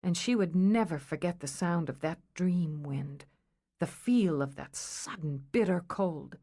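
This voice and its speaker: A woman narrating an audiobook in a measured, storytelling manner. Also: lowish voice, warm tone.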